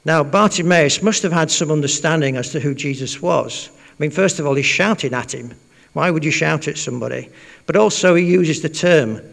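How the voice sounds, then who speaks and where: A man's voice: a little high, creaky, fairly bright tone. A man giving an informal sermon in a church, chatty and full of fillers, repeating his points for emphasis. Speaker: preacher. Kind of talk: informal sermon with a Bible reading. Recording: long reverb in a church.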